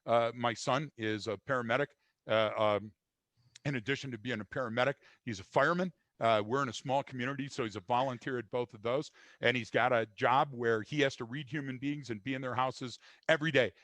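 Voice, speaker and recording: An older American man speaks as an interview guest in a blunt, emphatic way, often restarting his sentences and leaning on fillers. His voice sits at a middling pitch and comes across dry and close, with almost no room sound. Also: fairly even intonation, fairly quick, a bit bright, no room sound. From United States. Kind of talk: conversational interview.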